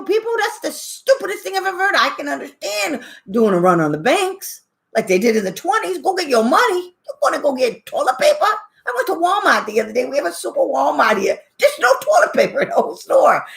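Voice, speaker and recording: Older woman host, casual opinion talk, emphatic, higher-pitched. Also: vocal fry. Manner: emphatic, preachy, laughs often. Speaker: channel host. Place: home.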